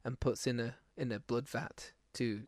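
This man, a podcast co-host, meanders through a casual conversation about films, restarting often and leaning on fillers. His mid-range voice holds fairly even intonation at a moderate pace, recorded in studio quality with no room sound.

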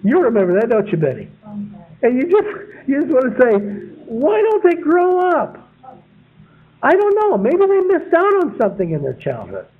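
A man's voice: very high-pitched, wildly swooping pitch, fairly quick. A man giving a folksy, rambling sermon full of homespun stories, chuckling at his own anecdotes. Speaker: preacher. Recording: phone-like narrow sound.

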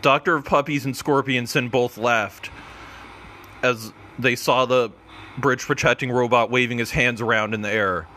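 A man's voice: medium pitch, steady tone, normal speed, sharp tone, a little hiss or hum. A man casually narrating a comedy story in an offhand, rambling way, correcting himself as he goes.

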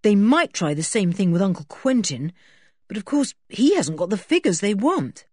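A woman's voice: medium pitch, normal speed, breathy edge, no room sound, studio quality. A woman voicing a sober, sensible older boy who takes charge, in a storybook reading. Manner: steady, matter-of-fact.

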